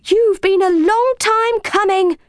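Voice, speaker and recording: Woman reader doing grumpy talking cat, high and cross, meowy. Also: takes it slowly, no room sound, clean studio sound. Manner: cross and complaining, adds meows.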